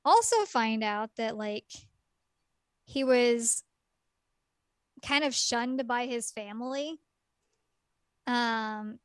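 A chatty woman with a slightly high voice, telling a story in relaxed podcast style. Her speech is full of "like" and "um", with quick laughs and exclaimed asides. The recording is dry and close, with no room sound. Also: clear, resonant tone, dry recording. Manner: chatty, filler-heavy retelling with lots of "like" and "um". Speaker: podcast co-host reviewing a game. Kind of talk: casual podcast chat.

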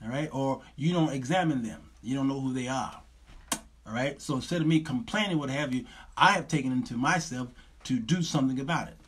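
A man's voice: medium pitch, fairly quick, fairly bright tone, a little hiss or hum. A male show host, lecturing viewers in casual livestream talk and laughing often.

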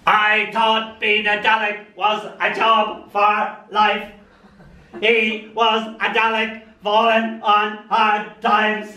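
A man's voice: high voice, completely flat delivery, takes it slowly, bright, forceful tone, muffled recording, pitched above the performer's own voice, full character voice. A man voicing a glum out-of-work Dalek, clipped and staccato, reading a poem aloud at a live event. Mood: flat declaiming. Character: glum out-of-work Dalek, metallic monotone alien. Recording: roomy hall, distant mic, faint room noise.

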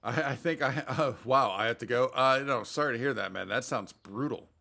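A man's voice: mid-range voice, a little fast, creaky, pushed and bright. A man playing a video game and commenting casually, rambling and hesitating as he talks. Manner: rambling, hesitant, chatty asides. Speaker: gaming YouTuber. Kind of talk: let's play commentary.

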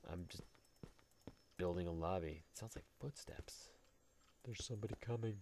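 Man, lowish voice, playful rambling gameplay commentary, faint background hiss. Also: normal speed, a little mellow. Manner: jokey, rambling, talks to himself while building. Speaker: Let's Play host. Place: at home.

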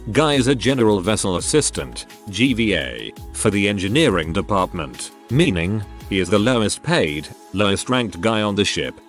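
A man narrating internet stories in a steady scripted reading, adding dry comments between them. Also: lowish voice.

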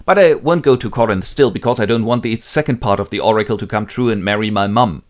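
A man's voice: lowish voice, fast talker, lightly acted. A man voicing a brash young king who blusters and swears. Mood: relieved.

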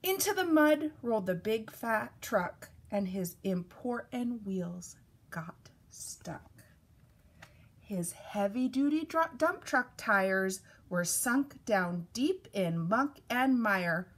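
Lively, animated woman reading a storybook. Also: on the high side, takes it slowly, slightly rough. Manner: expressive and animated. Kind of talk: reading a picture book aloud.

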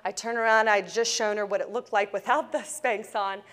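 Animated woman telling a keynote story. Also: medium pitch, a little fast. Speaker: keynote speaker. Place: conference hall. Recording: faint audience noise.

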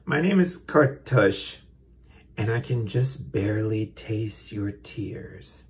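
A man voicing a mysterious blind male snake in a storybook read aloud for laughs, speaking in a slow, soft, creepy croon. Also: on the low side, lively intonation. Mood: creepy gentle. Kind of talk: comedic reading of a storybook.

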